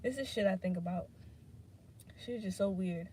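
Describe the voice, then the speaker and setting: Woman just rambling on her own podcast, swears a lot, jumps topic to topic, middle pitch. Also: moderate pace, a little mellow, slight background noise. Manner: rambling, unfiltered, swears freely; drifts between topics, many fillers. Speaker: podcast host. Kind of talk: casual solo podcast monologue.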